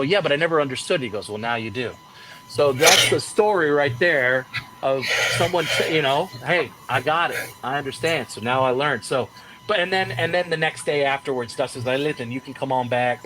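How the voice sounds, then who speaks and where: A man who works as a wrestling commentator, telling a story as an interview guest in casual talk, acting out the quotes of others with a raised voice. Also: slight background noise. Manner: animated storyteller, acts out quotes with raised pitch.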